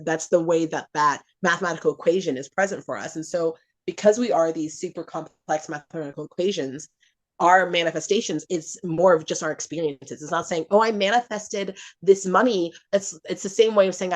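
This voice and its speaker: Woman podcast guest, lower pitch, casual and lively delivery. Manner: animated, acts out voices in high pitch. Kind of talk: casual spiritual chat.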